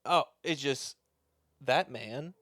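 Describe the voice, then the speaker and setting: A man's voice: medium pitch, slow pace, bright, forceful tone, no room sound, clean studio sound. A man in casual podcast chat, animatedly retelling a film plot with lots of swearing. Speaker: podcast co-host.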